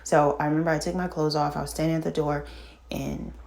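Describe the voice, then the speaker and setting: Low gravelly-voiced woman telling her story. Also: level tone, a little mellow. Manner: halting, full of fillers and restarts. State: shaken, sighing. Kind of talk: casual personal storytelling.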